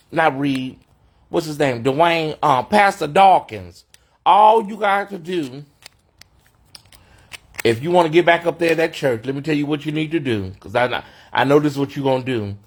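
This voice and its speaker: A man with a somewhat high voice hosts an off-the-cuff livestream from a hotel room. He talks in a sassy, mocking way and calls people honey. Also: lively intonation, unhurried. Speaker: host of a livestream commentary show. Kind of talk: unscripted livestream commentary.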